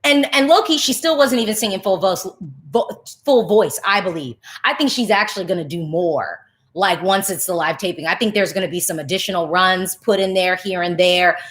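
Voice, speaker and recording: A woman's voice: lowish voice, normal speed. A woman vlogger giving casual, chatty reaction commentary full of fillers, who gets emotional while talking. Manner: chatty, animated, lots of fillers, nitpicking notes; gets emotional and laughs mid-thought.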